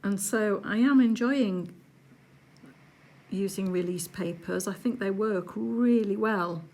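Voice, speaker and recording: A woman chatting casually while she does a craft project at home, rambling along with little hushed asides. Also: mid-range voice, slow pace. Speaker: crafting vlogger. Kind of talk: casual chat while diamond painting.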